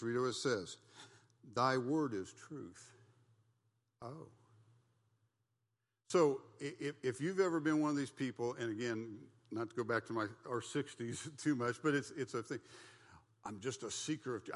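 A man's voice: mid-range voice, fairly bright tone. An older man leading a church Bible study class, teaching in a folksy, joking way and asking the group questions. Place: church meeting room. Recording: long hall reverb.

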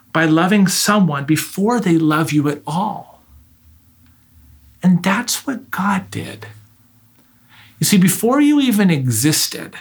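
A man preaching a sermon, earnest and direct, asking his listeners rhetorical questions. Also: high-pitched.

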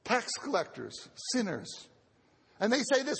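A man with a very high, husky voice preaches a sermon, teaching earnestly and doubling back on his words as he goes. His voice rings out with a long hall reverb around it. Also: animated, normal speed. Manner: earnest teaching, often repeats words as he restarts. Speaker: pastor.

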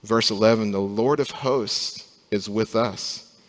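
A young adult man, a pastor, preaching a sermon, rising from quiet, slow passages to loud emphasis. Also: on the low side, big-room sound.

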